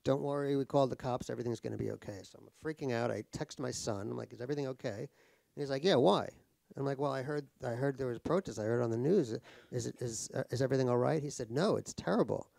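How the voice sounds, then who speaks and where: A man's voice: mid-range voice, fast, vocal fry, warm tone, dry recording. An American man, an author guest on stage, telling stories with wry, profane, self-mocking humor. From United States. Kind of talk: anecdotal storytelling on stage. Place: cultural center stage conversation.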